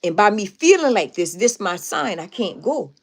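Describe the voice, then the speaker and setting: A woman chatting on a live stream, recounting a personal story with emphatic repetition. She is animated and direct with her viewers, and her voice sits at an ordinary middle pitch for a woman. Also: moderate pace.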